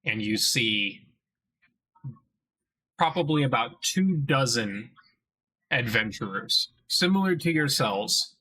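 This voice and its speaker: Slow, bright-voiced male game master. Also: fairly low pitch, breathy edge, low-quality recording. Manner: swears casually, slows down to narrate. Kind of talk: narrating a tabletop game. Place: home, with a child nearby.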